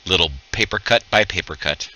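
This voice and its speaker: A man's voice: sits low, brisk, bright, forceful tone, no room sound. A man running a tabletop game as game master, chuckling as he calls out hits and makes rulings.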